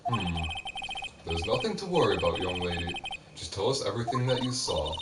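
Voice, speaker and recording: A man voicing an older judge who speaks slowly and soothingly in a lowered voice. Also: big pitch swings, very noisy. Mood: reassuring. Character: older male judge, calm and gentle. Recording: roomy, distant mic, loud music behind.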